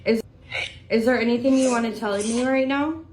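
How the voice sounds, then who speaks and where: A woman on a ghost hunt asks a spirit patient, gentle questions. Her voice sits a little high, and it rings in a roomy space. Loud noise hangs under everything. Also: steady tone, moderate pace. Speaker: ghost hunter. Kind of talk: calling out to a spirit. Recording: echoey room with loud noise.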